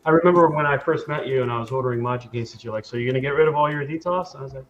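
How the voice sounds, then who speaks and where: A man's voice: mid-range voice, racing, a bit bright, dull audio. Easygoing American man on a call. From United States. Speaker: guest panelist. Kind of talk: casual panel chat.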